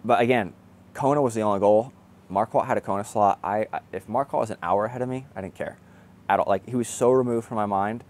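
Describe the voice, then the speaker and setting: Young man excitedly retelling a race. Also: on the low side, quick pace. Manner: excited storytelling, laughs often, swears. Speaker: triathlete. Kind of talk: casual race recap.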